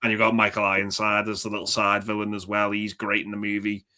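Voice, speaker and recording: Bright-voiced man gushing about films. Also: fairly low pitch, completely flat delivery, quick pace. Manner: enthusiastic, swears freely, rambling. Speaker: movie podcast co-host. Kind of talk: casual film chat.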